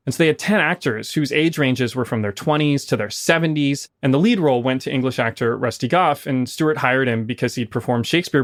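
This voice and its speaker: A man hosting a podcast, explaining a film's history in a lively storytelling manner. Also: mid-range voice, dry recording, studio quality. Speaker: podcast host.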